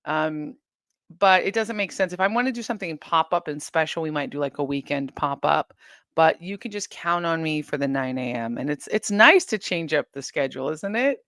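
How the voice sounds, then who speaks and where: A woman's voice: low-pitched, expressive, normal speed, fairly bright tone, dry recording, clean studio sound. A woman hosting a casual livestream from her home, chatting straight to viewers and reading their comments aloud. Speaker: livestream host.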